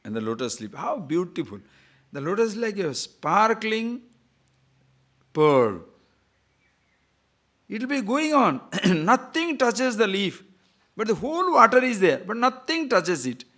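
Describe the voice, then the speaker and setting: A man teaches in a lively spiritual talk, his voice sitting a little high for a man and swinging up on emphatic questions. He breaks into stories and jokes, laughs at them himself, and now and then recites Sanskrit verses. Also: a little slow, long pauses. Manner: animated storytelling, laughs at own jokes, rising emphatic questions.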